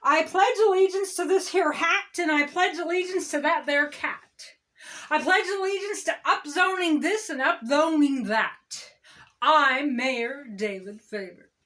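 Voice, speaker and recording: A woman doing a mocking comedic impression of a smug, self-important male town mayor, full of drawn-out pompous declarations. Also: sits high, a bit bright.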